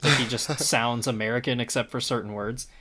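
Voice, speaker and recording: Casting: male podcast co-host, mid-pitched everyday voice, hesitant, lots of ums and likes. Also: brisk, sharp tone, a little hiss or hum. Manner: hesitant, many fillers. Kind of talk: casual chat, storytelling.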